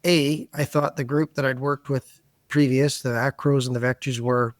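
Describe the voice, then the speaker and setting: A middle-aged man from Canada, a podcast guest telling animated, self-deprecating stories in a relaxed conversation. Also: mid-range voice, moderate pace, dry recording, studio quality. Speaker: interview guest. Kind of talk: conversational interview.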